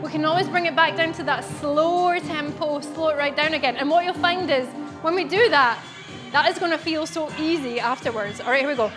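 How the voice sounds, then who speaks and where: A woman's voice: high-pitched, fairly quick, over music. A woman teaching a belly dance class, explaining moves and counting beats aloud with encouragement. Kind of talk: online dance class instruction.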